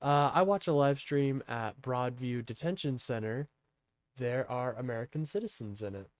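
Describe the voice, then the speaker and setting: A man's voice: medium pitch, lively intonation, moderate pace, no room sound. A young man from Kansas hosting a casual political livestream, rambling with lots of fillers as he talks to his chat. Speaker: livestream host.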